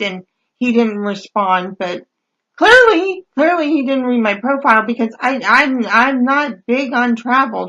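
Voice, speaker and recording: A woman's voice: a little high, poor audio. Wry woman reading messages aloud. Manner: wry, deadpan, with hesitant fillers. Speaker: podcast host reading dating-site messages. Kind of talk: casual comedic storytelling.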